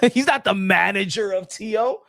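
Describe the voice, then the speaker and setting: Boxing stream host, male, high and dry on a close mic, rambling and heated. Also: a little slow, vocal fry, no echo. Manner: rambling, animated, frequent "you know what I'm saying". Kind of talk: casual live-stream commentary.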